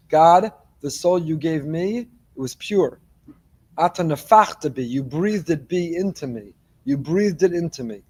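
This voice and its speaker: A man, a rabbi, giving a morning Torah class with lively delivery and joking asides to his listeners. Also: on the high side. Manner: animated, joking asides to the congregation.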